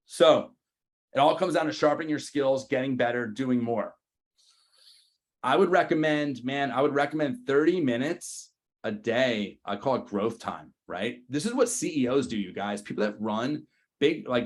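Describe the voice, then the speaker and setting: A man, in his thirties, giving a motivational sales training talk to his team, energetic and slangy, often asking the room questions. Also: medium pitch. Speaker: real estate team leader.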